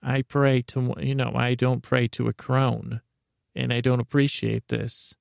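A man's voice: mid-range voice, level tone, measured pace, gravelly, dry recording, studio quality. A man voicing a blunt, skeptical old grandmother with curt, disapproving retorts in an improvised comedy bit. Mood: grumpy.

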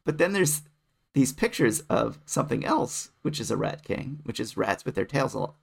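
A man co-hosting a scholarly podcast, explaining in a relaxed, wry way. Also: medium pitch, normal speed, vocal fry, slightly rough. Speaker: podcast co-host, literary scholar. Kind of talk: casual scholarly chat.

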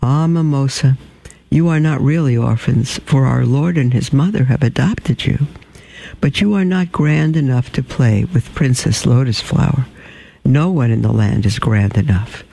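A man voicing a kindly older nun in a storybook reading, speaking gently and patiently. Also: mid-range voice, unhurried, gravelly, no room sound. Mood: gentle. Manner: gentle, patient, slightly raised voice.

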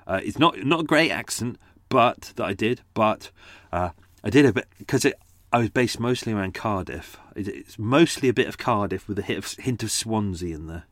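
Chatty male host, low voice, dry close sound, rambling and self-mocking asides. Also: expressive, normal speed, fairly bright tone, dry recording. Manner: chatty, self-deprecating, with frequent fillers and restarts; does character accents for his stories. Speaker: podcast host and storyteller. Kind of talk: casual rambling chat to listeners.

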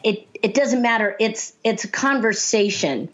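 Lively woman speaking coach, lo-fi. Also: on the high side, moderate pace. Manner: lively, laughs often, acts out quoted voices. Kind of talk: storytelling in casual talk. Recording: dull lo-fi sound.

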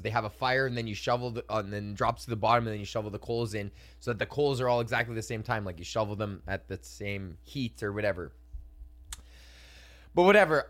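A man's voice: mid-range voice, fairly bright tone. A young man hosting a casual solo podcast, ranting, swearing freely and laughing as he acts out customers in voices. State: hiccuping. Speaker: podcast host and comedian.

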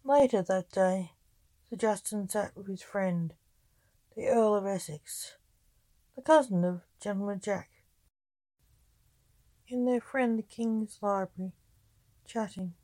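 A woman reading a story aloud in a slow, measured storybook narration. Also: mid-range voice, warm tone, no echo, rough recording.

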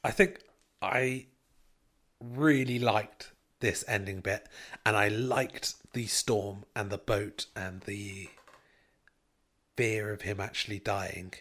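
A man's voice: on the low side, fairly even intonation, takes it slowly, a bit bright. A man co-hosting a podcast, chatting casually about a film and mocking its script. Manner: short agreeing replies, mocks the script. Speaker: podcast co-host.

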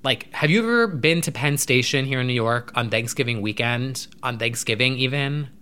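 A young adult man vlogging to camera, rambling in an animated, casual way with occasional swearing. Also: medium pitch, normal speed, clean tone.

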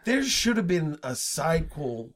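A male podcast co-host in casual chat who gets excitable and laughs often. His voice is a little high and moves through a wide, animated pitch range. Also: a little slow.

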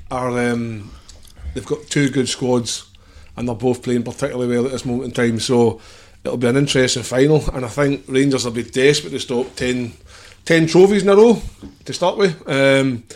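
A man's voice: medium pitch, moderate pace, a little mellow. A Scottish man co-hosting a casual football chat, easygoing and pundit-like, with some hesitations. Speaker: podcast co-host.

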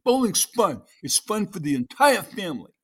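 Cheerful bald bowling fan with a New York accent, put on by a man, voice pitched well up and loud. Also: very animated, normal speed, husky, full character voice. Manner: put-on funny voice, singsong and eager.

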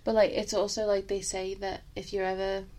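Flat-voiced young woman chatting. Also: medium pitch, brisk. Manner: flat-toned, conversational, uses "innit" and "like". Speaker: podcast co-host. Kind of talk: casual podcast chat.

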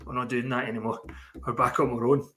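A man's voice: medium pitch, little pitch movement, quick pace, fairly bright tone. A man co-hosting a podcast, talking in sweary, rambling banter. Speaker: podcast co-host. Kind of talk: casual chat.

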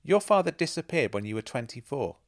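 A man's voice: medium pitch, big pitch swings, fairly quick, voice pushed up, lightly acted. A man voicing a playful, self-assured woman who teases and mocks. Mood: knowing. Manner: teasing, knowing, laughs at others.

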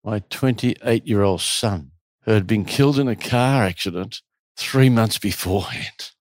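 A man's voice: fairly low pitch, dry recording, clean studio sound, natural voice. A man putting on a weepy German father. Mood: emotional. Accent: German, put on badly. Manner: halting broken English. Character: big emotional German father, middle-aged.

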